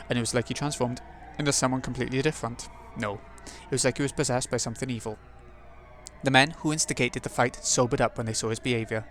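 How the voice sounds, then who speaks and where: A man's voice: medium pitch, a bit bright. Man reading a visual novel aloud. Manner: reads narration steadily, muttering asides to himself between passages. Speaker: let's play host.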